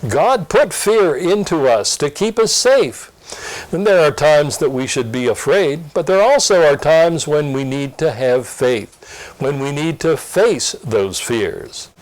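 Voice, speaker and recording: A man presenting a scripted Sunday school lesson preview in an earnest, expressive teaching tone. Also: a little high, takes it slowly, poor audio. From Pennsylvania.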